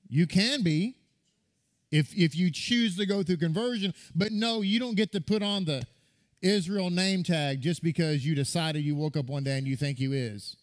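A man, a rabbi, preaching a sermon to a congregation in an animated way, firing rhetorical questions at his listeners. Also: fairly high pitch, unhurried, pauses often. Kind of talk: sermon teaching.

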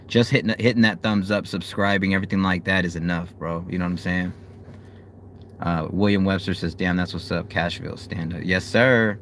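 Profane, hyped-up sports fan host. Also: male voice, slight background noise. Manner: hyped, profane, swings from low mutter to yelling. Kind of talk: casual live stream chat. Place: outdoors.

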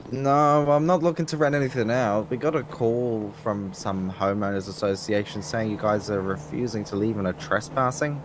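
A man roleplaying a police officer in a game, speaking in a calm, polite, matter-of-fact way. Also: on the low side, moderate pace, hardly any pauses, background noise. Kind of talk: in-character improvised game roleplay.

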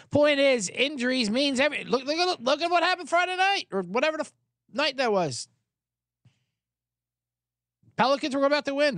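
Animated, high-voiced sports podcast man. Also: no echo, studio quality. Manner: animated, rambling and profane. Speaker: sports betting podcast host. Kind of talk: casual sports chat.

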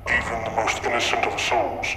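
An actor playing an unseen captor who lays down rules to his prisoners in slow, solemn pronouncements. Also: mid-range voice, completely flat delivery, heavy background noise, natural voice. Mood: menacing. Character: unseen male captor voice judging captives, cold and menacing. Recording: echoey voice over loud music.

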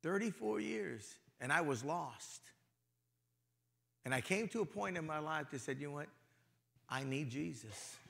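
A middle-aged male pastor giving a sermon in a casual, conversational way, with his volume swinging from loud to hushed. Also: mid-range voice, creaky. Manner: casual, conversational, peppered with "you know".

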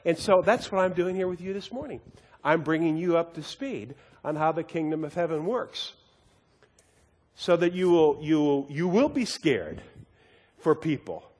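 A man's voice: on the high side, animated, normal speed, a little mellow, breathy edge, big-room sound. A man teaching a Bible study as a sermon, earnest and emphatic, often repeating and restarting his words as he tells a story.

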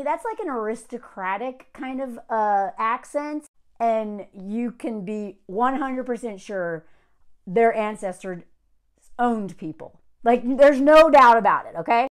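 A woman's voice: on the high side, lively intonation, unhurried. A young woman from the American South giving a blunt, sarcastic rant as a video creator. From Southern United States. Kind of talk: ranting commentary.

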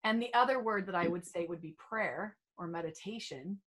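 A woman's voice: on the low side, moderate pace, fairly bright tone. A middle-aged woman guesting on a podcast as a beauty trainer, talking in a bubbly, playful, self-assured way. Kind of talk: casual podcast chat.

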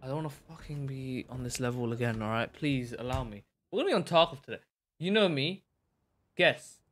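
A young man giving chatty live commentary while playing a game, excitable and bursting into shouts. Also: medium pitch, fairly quick. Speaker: live streamer.

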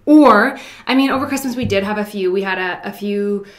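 A woman's voice: medium pitch, brisk. A woman chatting casually about her online store, with lots of "um" and "like" fillers. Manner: hesitant, many "um" and "like" fillers. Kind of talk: casual chat.

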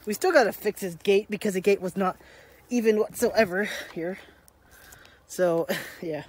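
A woman's voice: mid-range voice, a little slow, a little mellow. Rambling woman vlogging from her garden. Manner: chatty, rambling, laughs often. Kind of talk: casual vlog chat. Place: outdoors in a backyard garden.

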